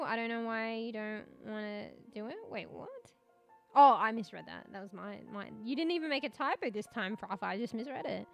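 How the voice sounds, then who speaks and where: A young woman streams from home and chats loosely with her viewers through a desk microphone. Her voice has a gravelly fry, and she rambles, swears freely and laughs often. Soft music plays faintly behind her. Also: a little high. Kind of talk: casual chat with stream viewers.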